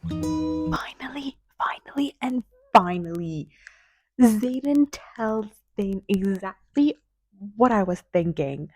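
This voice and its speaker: A young woman talks through a book she is reading in a casual vlog, excitable and gushing in her reactions. Her voice is soft and mellow, and she speaks slowly. The recording is close and dry. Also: mid-range voice, dry recording, faint music behind. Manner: gushing, excitable, reads lines aloud. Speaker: book vlogger.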